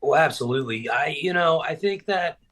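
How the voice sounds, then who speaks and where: A man from Middle Tennessee, a professional wrestler talking as a podcast guest, rambling with lots of fillers and growing animated as he retells stories. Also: a little high, moderate pace. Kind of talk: casual podcast storytelling.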